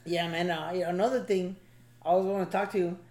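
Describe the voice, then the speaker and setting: A man's voice: high-pitched, fairly quick, echoey room. A father in casual podcast chat, telling stories with lots of swearing and acting out what others said. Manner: animated storyteller, profane, acts out quotes.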